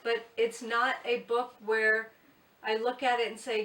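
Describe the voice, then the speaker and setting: A booktuber chats casually in her book vlog, blunt and quick to poke fun at herself. Her voice is fairly high with fairly even intonation, moving at a normal speed with a pushed, bright quality. The mic sits at a distance in an echoey room.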